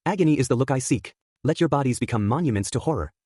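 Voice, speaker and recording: A man's voice: medium pitch, expressive, quick pace, warm tone, husky, no echo, clean studio sound. A man reading as a gloating wax villain. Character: cruel gloating male wax-wielding villain.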